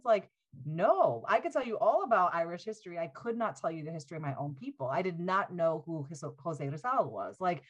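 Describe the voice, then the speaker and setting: A woman in her forties, speaking as a guest on a podcast, with a slightly low voice. She tells stories in a lively, casual way, laughing often and sprinkling in "like". Her speech has no regional accent. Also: a little fast, lo-fi sound. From United States. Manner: animated storyteller with frequent laughs and "like" fillers.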